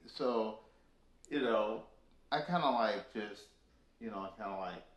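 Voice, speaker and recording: A man in an interview telling stories from touring, animated and full of fillers. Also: on the low side, unhurried. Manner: animated storyteller, many fillers. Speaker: guest musician. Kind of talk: casual storytelling interview. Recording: echoey room.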